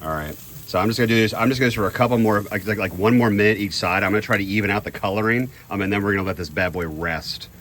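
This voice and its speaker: A man's voice: fairly low pitch, racing, fairly bright tone, slight background noise. A man in a casual cooking vlog, chatty and self-deprecating, thinking aloud as he grills outdoors. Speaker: home cook.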